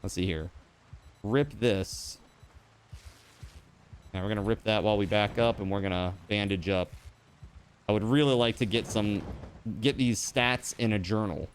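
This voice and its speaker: A man streaming a video game live, chatting casually and jumping into excited high outbursts. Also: a little slow, pauses often, slight background noise. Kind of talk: live gameplay commentary.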